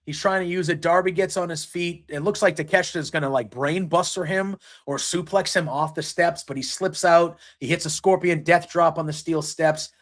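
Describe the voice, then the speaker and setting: A man's voice: a little high, steady tone, moderate pace, few pauses. A man hosting a casual solo wrestling recap, retelling the action play by play with frequent ums. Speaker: wrestling show recap host.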